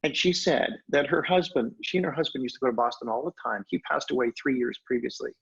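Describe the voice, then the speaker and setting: An older man with a gravelly, husky voice tells stories as a podcast guest. His delivery is animated, with sudden lifts in pitch. The audio is dull and lo-fi. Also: fast talker. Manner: animated storyteller, expressive pitch jumps. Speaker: guest, hypnosis trainer. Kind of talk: storytelling in conversation.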